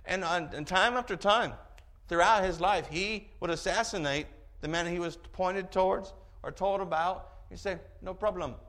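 A man preaching a sermon, telling a story in an animated way with chuckling asides. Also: sits high, moderate pace.

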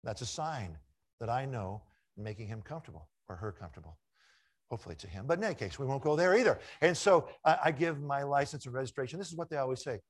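Storytelling male preacher, loud and hushed by turns. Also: mid-range voice, fast talker. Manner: lively storyteller, shifts from loud acted quotes to hushed asides. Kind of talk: sermon with stories.

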